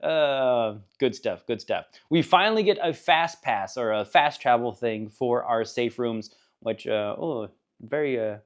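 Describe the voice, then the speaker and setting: A man's voice: mid-range voice, expressive, measured pace. A man giving a casual spoken book review, rambling and enthusiastic, laughing now and then at the funny parts.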